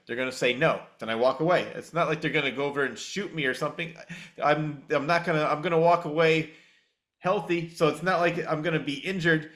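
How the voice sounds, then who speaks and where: A man's voice: fairly high pitch, fast talker, fairly bright tone. A man hosting a podcast in casual chat, enthusiastically plugging channels and telling stories. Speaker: podcast host.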